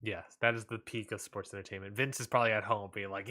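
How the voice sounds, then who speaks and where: Bright-voiced laid-back man podcasting. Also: on the low side, fairly even intonation, fast talker. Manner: laid-back, trails off, drops quiet at line ends. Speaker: podcast co-host. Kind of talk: casual wrestling podcast chat.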